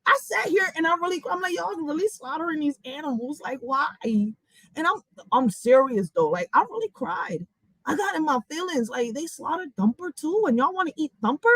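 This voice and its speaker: A woman with a fairly high voice talks straight to her viewers in a casual reaction vlog. She is blunt and profane, swinging into animated, emphatic stretches. The sound is close and dry. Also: moderate pace, no echo, low-quality recording. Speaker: reaction vlogger.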